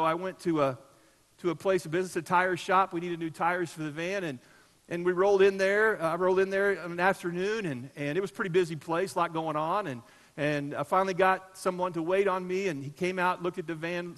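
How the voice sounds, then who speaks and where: A middle-aged man preaching a sermon as pastor of a church, telling stories and swinging from loud emphasis to soft, low asides. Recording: echoey church hall.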